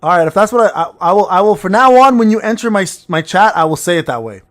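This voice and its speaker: This gaming streamer talks fast in a high, fairly bright voice with lively intonation. He chats loosely with his viewers as he plays, cracking crude jokes and wandering off topic between rounds.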